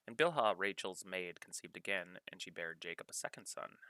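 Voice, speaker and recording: In a low, forceful yet animated and smooth voice, a man reads scripture aloud, moving slowly and deliberately through verses and their study notes. He pauses to cite references. The sound is dry and close, with no room sound.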